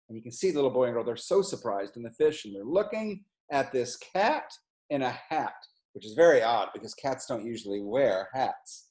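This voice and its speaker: A middle-aged man reads a children's book aloud at storytime, slow and gentle as he walks young listeners through the pictures. His voice sits at a middle pitch. The recording has an echoey room sound. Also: lively intonation. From New Jersey, US. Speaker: college president reading a children's book.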